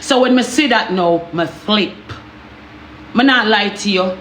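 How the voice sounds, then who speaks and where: Animated Jamaican woman telling a story. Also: medium pitch, moderate pace, roomy sound, a little hiss or hum. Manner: animated, repetitive, asks "you understand me?". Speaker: storyteller vlogger. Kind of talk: casual storytime in patois.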